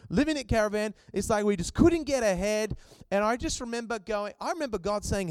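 A man's voice: high-pitched, expressive, brisk, clean tone, no room sound. A man preaching a sermon to a church congregation, with passionate delivery that swells and drops. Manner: passionate preaching, voice rising and falling. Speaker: pastor.

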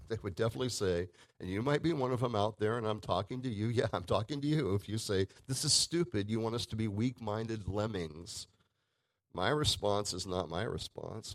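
A man preaching a sermon in a conversational way, with emphatic swings between loud and soft. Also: lowish voice, dry recording, poor audio.

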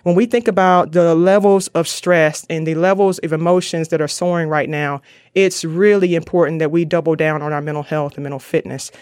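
A man's voice: a little high, fairly even intonation, brisk, darkish tone, clean tone, dry recording, studio quality. A man giving a casual, earnest talk on mental wellness, retelling stories with quoted lines. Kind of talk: casual motivational talk to viewers.

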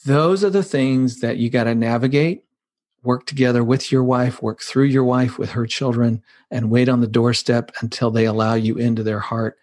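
A man's voice: mid-range voice, steady tone, normal speed, a little mellow. A man as a podcast guest, earnestly explaining blended family life with vivid everyday images. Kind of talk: conversational podcast advice.

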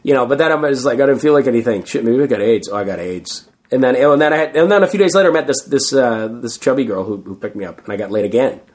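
A man's voice: mid-range voice, lively intonation, quick pace, few pauses, a little mellow. A Canadian man, a street performer, telling rambling, self-deprecating stories full of fillers in a casual interview.

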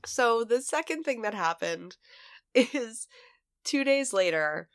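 A woman's voice: on the high side, takes it slowly, no echo, clean studio sound. A woman in her thirties co-hosting a chatty podcast, stuffy from a cold, telling stories with lots of laughter. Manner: animated storyteller, laughs often. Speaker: podcast co-host. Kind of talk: casual chat.

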